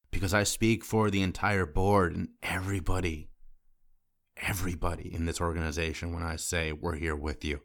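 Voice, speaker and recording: Deep-voiced male podcast host, tearful and halting. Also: fairly bright tone. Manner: choked up, halting, with repeated restarts. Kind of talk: emotional closing monologue.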